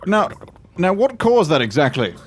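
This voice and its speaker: A man's voice: on the high side, lively intonation, moderate pace, faint music behind. A man playing a tabletop game, speaking in character in a wordy, fussy, slightly pompous way. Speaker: player.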